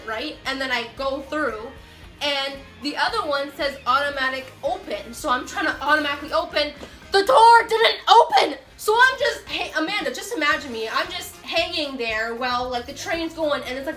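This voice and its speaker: A young woman telling a storytime vlog in an animated, excitable, self-mocking way. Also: sits high, reverberant. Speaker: vlogger.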